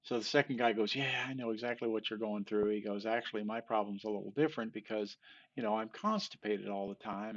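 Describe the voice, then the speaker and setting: A man's voice: fairly low pitch, creaky, dull audio. Rambling older man telling dad jokes. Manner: rambling, halting delivery with many fillers and restarts; self-deprecating, laughs off flubbed punchlines. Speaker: joke teller. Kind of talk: casual joke telling.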